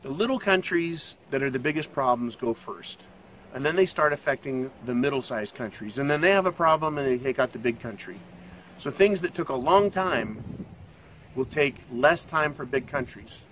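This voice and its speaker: A man's voice: on the high side, expressive, normal speed, fairly bright tone, a little hiss or hum. An older American man hosting his own channel, giving rambling, profane, jokey commentary on the economy. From United States. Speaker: channel host.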